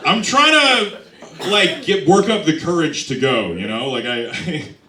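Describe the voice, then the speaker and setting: Stand-up comic, young man, lively and bright, self-deprecating and rambling; heard from a distance in an echoey club. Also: fairly high pitch, a little slow. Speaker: stand-up comedian. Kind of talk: stand-up comedy set. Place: comedy club stage. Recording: roomy club sound from a distance. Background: audience laughter.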